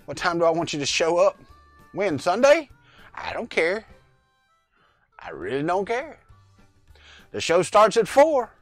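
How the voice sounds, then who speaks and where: A middle-aged man with a high, light voice chats loosely on a home livestream, wandering off topic and calling out viewers by name. His voice is close and dry on a clip-on mic, with faint music underneath. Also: wildly swooping pitch, measured pace, long pauses, dry recording. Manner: rambling, chatty, greets viewers by name. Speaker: livestream host. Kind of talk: casual live-chat vlog. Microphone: lavalier mic.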